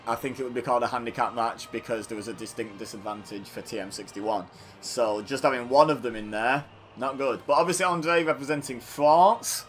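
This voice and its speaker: A man's voice: medium pitch, fairly bright tone, a little hiss or hum. A man doing casual, self-mocking commentary over a wrestling video game, joking as he calls the action. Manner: chatty and self-mocking, riffing between play-by-play calls. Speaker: gaming channel host.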